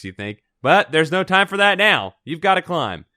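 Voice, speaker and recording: A man hosting, reading a gamebook aloud to friends in an animated, jokey way and acting out the quotes. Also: on the high side, moderate pace, no echo, studio quality.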